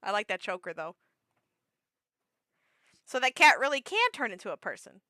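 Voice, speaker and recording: A woman streaming a story game, reading it aloud and reacting with lots of laughter and excited shouts. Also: on the high side, moderate pace, no echo.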